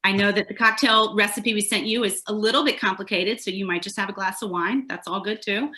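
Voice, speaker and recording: A woman's voice: medium pitch, fairly even intonation, brisk, sharp tone. A woman from the American South with a light Southern accent, chatting casually and then reading aloud from her own book at a launch event. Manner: chatty, self-deprecating, with frequent ums and restarts.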